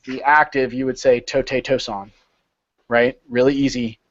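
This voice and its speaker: A man's voice: medium pitch, level tone, fairly quick, muffled recording. A man leading an informal study session over a video call, explaining step by step and repeating words as he thinks.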